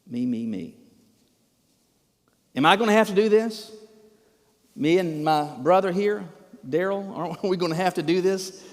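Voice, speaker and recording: A fed-up old prophet ranting loudly and indignantly, as a preacher acts him out, his voice high for a man and ringing with the long echo of a big hall. He sounds worn out and furious at the crowd in front of him. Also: moderate pace. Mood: mocking. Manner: loud, indignant outbursts. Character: exasperated furious aged male prophet leader.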